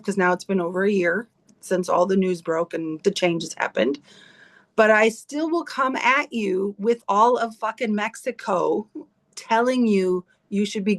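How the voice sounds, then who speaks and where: A woman's voice: mid-range voice, creaky. A woman on a video call, a team leader giving her team a blunt, emphatic motivational talk full of swearing. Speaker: team leader in direct sales.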